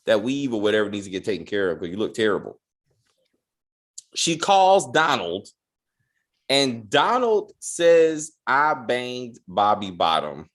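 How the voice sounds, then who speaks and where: Lively, profane man reviewing a TV show. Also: mid-range voice. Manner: profane, exasperated, acts out characters' lines in quick bits. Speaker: TV review podcast co-host. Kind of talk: casual spoiler review chat.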